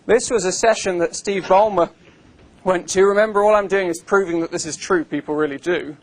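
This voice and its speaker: A man speaks to a live audience in a somewhat high voice, in a relaxed, unscripted manner. His delivery is wry and chatty, with plenty of ums and uhs between thoughts. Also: a little fast. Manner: conversational and wry, with frequent fillers. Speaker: invited speaker. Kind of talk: conference presentation to a live audience. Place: conference room with an audience.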